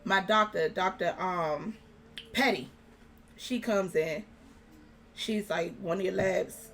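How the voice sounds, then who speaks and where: A young woman, an interview guest, telling a personal story in casual conversation, animated and acting out the dialogue. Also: on the low side, takes it slowly, a little hiss or hum. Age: young adult.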